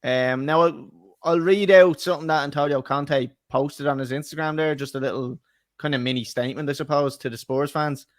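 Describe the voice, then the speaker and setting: A man's voice: a little high, steady tone, brisk, no echo, studio quality. A man co-hosting a football podcast, chatty and laughing, swearing freely in casual banter. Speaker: podcast co-host. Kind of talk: casual chat.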